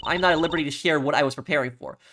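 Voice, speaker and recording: A man's voice: fairly high pitch, rapid-fire, noisy background, voice pushed down, close to an everyday voice. A man reading as a haughty stern female judge.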